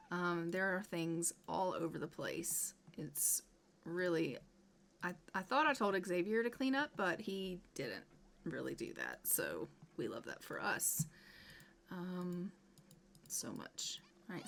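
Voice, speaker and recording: A woman's voice: mid-range voice, gravelly, a bit bright, a little hiss or hum. Chatty woman scolding her game characters. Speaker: gameplay video host. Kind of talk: casual let's-play commentary.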